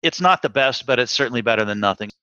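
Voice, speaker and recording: Bright-voiced man talking shop. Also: mid-range voice, lively intonation, fast talker, clean tone, dry recording, lo-fi sound. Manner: thoughtful, with frequent restarts and fillers. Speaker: podcast guest, security executive. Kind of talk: casual conversation.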